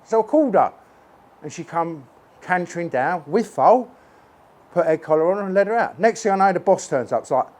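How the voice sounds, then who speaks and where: A man's voice: high voice, animated, moderate pace, darkish tone. A man working as a horse trainer, talking to camera at a stable while handling a horse, earnest and emphatic, repeating his points, recorded on a phone on a tripod.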